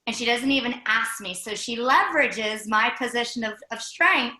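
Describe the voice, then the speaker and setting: Woman co-host, bright upbeat voice, lots of fillers, roomy echo. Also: a little high, normal speed. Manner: upbeat, filler-heavy ("like, you know"). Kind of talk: casual live-show chat.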